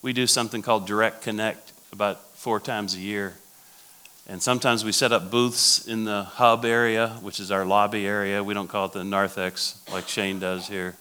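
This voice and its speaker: Bright-voiced pastor giving a talk. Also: male voice, on the low side, level tone, moderate pace, smooth. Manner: storytelling, repeats key phrases. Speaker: pastor speaking at a church conference. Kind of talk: sermon-style leadership talk.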